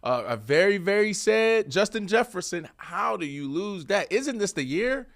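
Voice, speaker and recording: A man's voice: sits high, normal speed. A man in his thirties, a former wide receiver co-hosting a sports show, arguing his points emphatically in casual debate. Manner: emphatic, animated, repeats himself.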